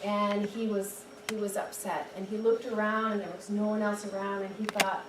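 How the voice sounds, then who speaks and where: A young woman giving a chatty, animated storytelling talk at a dinner event, full of "like"s and restarts. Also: mid-range voice, normal speed, few pauses. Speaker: guest speaker and storyteller. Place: dinner event room, indoors. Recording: echoey room, distant mic, background noise.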